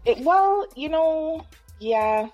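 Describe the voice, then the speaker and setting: A woman's voice: sits high, animated, drawn-out words, muffled recording, faint music behind. A woman from Toronto hosting a casual podcast chat, playful and loose, dropping Caribbean slang. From Toronto, Canada. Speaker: podcast host.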